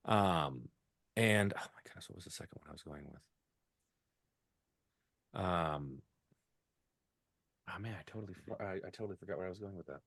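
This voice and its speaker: Deep, hesitant man losing his thread. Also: moderate pace, pauses often, fairly bright tone, no room sound, clean studio sound. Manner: hesitant, loses his train of thought. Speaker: podcast panelist. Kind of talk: casual panel discussion.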